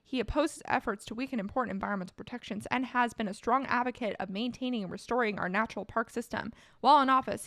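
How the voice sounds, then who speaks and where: A woman from California, a streamer doing live stream commentary, reading aloud and reacting in a casual, wry way that breaks into quick laughs. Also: medium pitch, a bit bright, no echo, studio quality.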